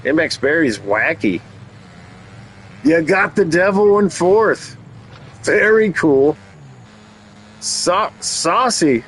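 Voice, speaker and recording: Slow, joking race commentator man. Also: a little high, expressive, fairly bright tone, a little hiss or hum, poor audio. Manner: jokey, teasing asides between race calls. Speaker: race commentator and channel host. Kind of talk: playful play-by-play commentary.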